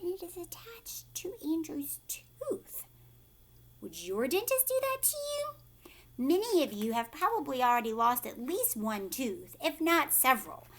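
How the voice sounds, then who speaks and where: A teacher reading a picture book aloud to children, pausing to ask her young listeners questions. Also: high voice. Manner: animated, talks to young listeners.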